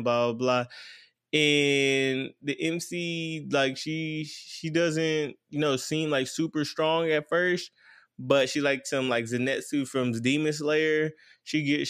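A man's voice: medium pitch, fairly bright tone, clean tone. Rambling man recapping a show. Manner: rambling, lots of fillers like "blah, blah, blah". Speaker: anime reviewer.

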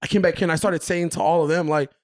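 A man's voice: a little high, steady tone, very fast. A man co-hosting a casual podcast chat, rambling and laughing often. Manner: rambling, laughs often, tries silly accents. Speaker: podcast co-host.

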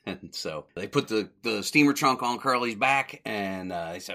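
A man's voice: lowish voice, expressive, moderate pace, hardly any pauses, pushed and bright. A man hosting a podcast, casually retelling an old comedy short, rambling a little, correcting himself and chuckling often. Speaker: podcast host.

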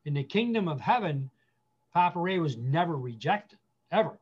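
A man speaking as a guest pastor, giving earnest counsel with emphatic repetition, slowing down to stress key phrases. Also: fairly high pitch, expressive, breathy edge, muffled recording.

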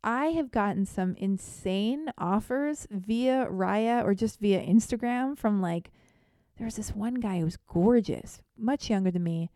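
A woman telling a funny personal story in an animated, self-deprecating, theatrical way. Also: medium pitch, measured pace, dry recording, clean studio sound. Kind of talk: comedic storytelling monologue.

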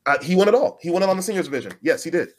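A man co-hosting a podcast in casual chat, an animated storyteller who acts out the voices of the people he quotes. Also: on the high side, rapid-fire. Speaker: podcast co-host.

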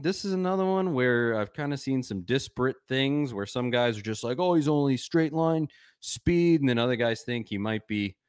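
A man hosts a sports podcast, chatting enthusiastically and rambling a bit as he restarts his sentences. His voice is medium-pitched, recorded with clean studio sound and no echo.

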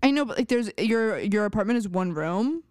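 A woman's voice: medium pitch, lively intonation, fairly quick, darkish tone, no echo, studio quality. Young woman podcaster, mock-outraged asides. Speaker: podcast co-host. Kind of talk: casual chat recapping a TV episode.

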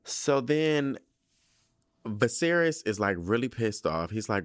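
A man hosting a podcast, recapping a TV episode in an animated, profane, sassy storytelling way. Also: medium pitch, slow pace, no room sound, studio quality. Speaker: podcast host.

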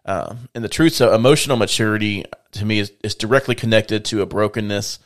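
A man with a lowish, brisk voice co-hosts a faith-based podcast, speaking in a reflective, casual manner and explaining things through everyday analogies.

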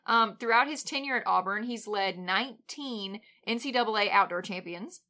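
A woman's voice: mid-range voice, moderate pace, bright, forceful tone. A woman co-hosting a casual sports chat, playful and laughing often. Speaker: podcast co-host.

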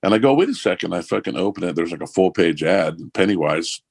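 Low, husky man, casual and profane, dry recording. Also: a little fast, dry recording. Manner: profane, animated anecdote-telling. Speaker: musician guest. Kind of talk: casual storytelling.

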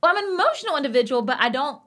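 A woman, co-hosting a casual podcast chat and talking in an emphatic, passionate, animated way. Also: high-pitched, racing. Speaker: podcast co-host.

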